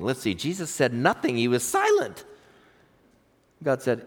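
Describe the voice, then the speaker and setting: A man preaching a sermon, swinging between emphatic, raised exhortation and quiet personal storytelling. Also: mid-range voice, wildly swooping pitch, moderate pace. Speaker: pastor.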